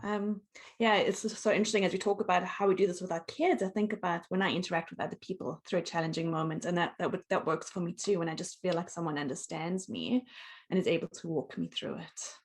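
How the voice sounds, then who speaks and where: Low-pitched woman interviewer, reflective. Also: fairly even intonation, fast talker. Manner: reflective, affirming. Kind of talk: conversational interview.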